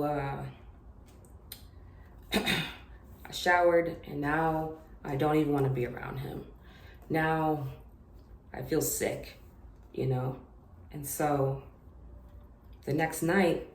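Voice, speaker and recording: A young woman telling a personal story to camera in an unedited confessional vlog, halting and hesitant, with many fillers and restarts. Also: deep voice, a little mellow. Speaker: vlogger. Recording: echoey room with faint noise.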